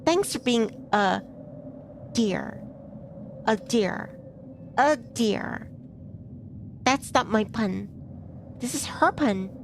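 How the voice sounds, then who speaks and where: Playful woman streamer with gravelly voice. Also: a little high, lively intonation, extremely slow, long pauses, slight background noise. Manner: chatty, playful, reacts aloud to the game. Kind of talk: casual game stream commentary.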